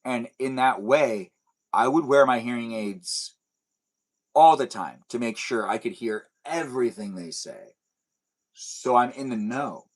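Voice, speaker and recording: A man's voice: medium pitch, measured pace, low-quality recording. Rambling joking young man on a livestream. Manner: rambling, self-deprecating, joking. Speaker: livestream host. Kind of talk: casual chat reading viewer comments.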